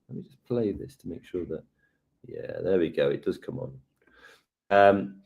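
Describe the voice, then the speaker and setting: A man co-presenting a live software lesson, relaxed and thinking aloud as he works. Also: sits low.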